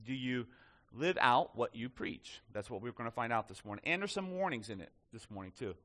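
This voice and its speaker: A man's voice: mid-range voice, lively intonation, brisk, a bit bright. A male pastor giving a conversational sermon in church, joking with the congregation.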